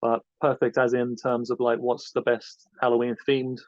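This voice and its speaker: A man's voice: mid-range voice, monotone, normal speed, no echo. A man rambles through his answers with a level, unvaried delivery. The recording is dull, lo-fi and very dry, with no room sound at all. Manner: rambling, loose and hesitant. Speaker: podcast co-host being interviewed. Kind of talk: casual interview answers.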